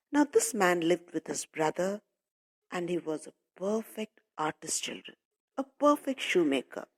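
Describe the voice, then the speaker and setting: Woman teacher, lively pitch, talking to children, simple repeated explanations. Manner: addresses listeners as children, explains slowly and repeats. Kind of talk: classroom lesson explanation.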